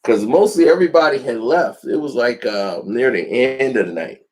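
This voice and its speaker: A man telling a personal story in a casual vlog, animated and acting out the people in it. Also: mid-range voice, normal speed.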